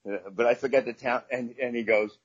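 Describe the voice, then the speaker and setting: Husky man telling profane stories. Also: mid-range voice, fairly even intonation, a little fast, dry recording. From Staten Island, New York. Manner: profane, rambling anecdotes. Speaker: guest comedian. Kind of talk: casual podcast storytelling. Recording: dull lo-fi sound.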